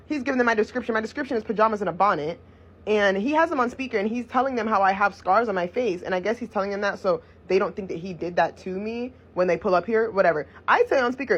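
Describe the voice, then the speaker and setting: A young woman vlogger telling a personal story in a blunt, profane, animated way. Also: medium pitch, quick pace, husky. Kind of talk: casual storytime vlog. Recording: dull lo-fi recording.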